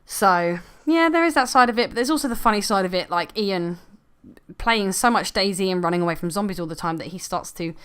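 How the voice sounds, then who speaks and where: A young woman talking casually to camera as a gaming vlogger, chatty and often laughing, her voice sometimes dropping to quiet asides. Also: medium pitch, lively intonation, a little fast, smooth.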